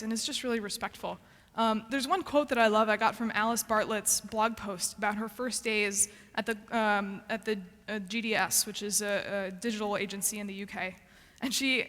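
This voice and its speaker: Bright-voiced woman giving a conference talk. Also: fairly high pitch, long reverb tail. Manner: earnest, practical, with frequent ums and restarts. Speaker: conference speaker.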